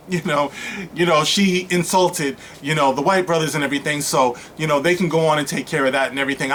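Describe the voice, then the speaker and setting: A man's voice: on the high side, a little hiss or hum. A man giving casual, rambling commentary to his channel, full of "you know" fillers and bursts of mocking sarcasm. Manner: animated, mocking, breaks into sarcastic put-on voices. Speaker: YouTube commentator.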